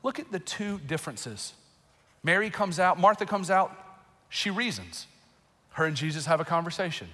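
A man preaching a sermon as pastor, emotional and animated, with bursts of laughter and raised emphasis. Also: a little high, normal speed. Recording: long reverb in a large hall.

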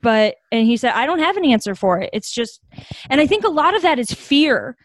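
In a podcast interview, a young American woman who founded a nonprofit tells stories earnestly and reflectively, growing animated when quoting others. Her voice is high and fairly quick, with no echo.

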